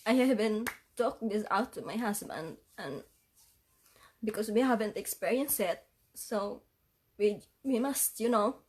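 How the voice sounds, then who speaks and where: A woman's voice: mid-range voice, a little mellow, breathy edge. Tearful apologetic woman vlogger. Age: adult parent. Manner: apologetic, halting, laughing through tears. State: crying, tearful. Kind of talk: emotional livestream vlog.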